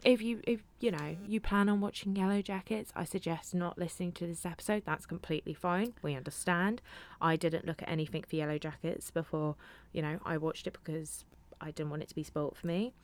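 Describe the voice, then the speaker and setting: Lively woman with a low voice. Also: a little fast. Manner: animated, swears casually, laughs while telling stories. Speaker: podcast co-host. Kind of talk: casual chat.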